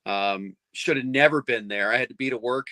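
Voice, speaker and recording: A middle-aged man chatting casually as a comics fan, rambling and excited, with lots of restarts. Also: mid-range voice, fairly quick, dry recording. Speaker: comics fan on a panel show. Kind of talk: casual chat.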